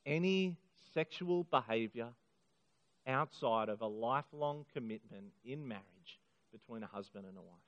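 A middle-aged man preaching a sermon to a congregation, earnest and emphatic, slowing down on key phrases. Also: mid-range voice, animated. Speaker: pastor. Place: church hall. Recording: muffled sound in a hall with long reverb.

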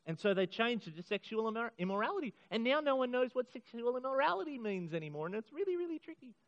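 A middle-aged man preaching a sermon to a congregation, earnest and emphatic, slowing down on key phrases. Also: very high voice, very animated. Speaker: pastor. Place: church hall. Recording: muffled sound in a hall with long reverb.

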